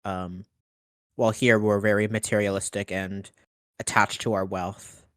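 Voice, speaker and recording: A man's voice: lowish voice, little pitch movement, unhurried, smooth, no room sound, studio quality. A young man hosting a Q&A, reading audience questions aloud and adding short comments. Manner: reads questions aloud, then adds brief comments.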